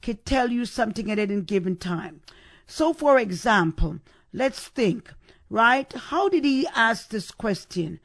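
A woman's voice: a little high, big pitch swings, measured pace. A woman hosting a devotional podcast, giving a reflection on scripture. She repeats her phrases and keeps asking the listener rhetorical questions.

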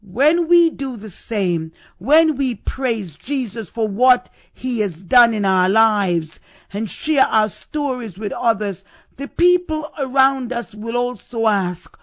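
A man's voice: very high voice, lively intonation, slow pace. A man preaching a sermon, building up to repeated rhetorical questions with emphasis.

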